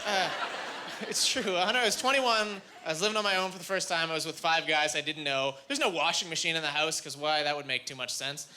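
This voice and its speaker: A young man performing a stand-up set, telling a story with animated, high-jumping quoted voices. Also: fast talker, few pauses. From Canada. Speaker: stand-up comedian. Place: comedy club stage. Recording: live club recording, audible room noise.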